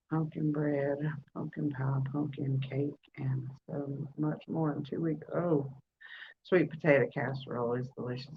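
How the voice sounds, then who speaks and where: Woman, Southern US accent, live podcast host, relaxed drawl, laughs a lot, dull lo-fi sound. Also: low-pitched, gravelly, a little hiss or hum. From Alabama. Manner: chatty, laughs often, drawling, answers chat comments. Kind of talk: casual live chat with viewers. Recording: dull lo-fi livestream audio.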